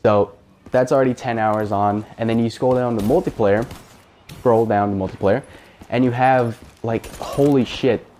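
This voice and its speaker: A man's voice: mid-range voice, fairly even intonation, moderate pace, dark tone, a little hiss or hum. A man hosting a casual spoken game review, talking in a chatty, rambling way with fillers and the odd swear word. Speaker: gaming channel host.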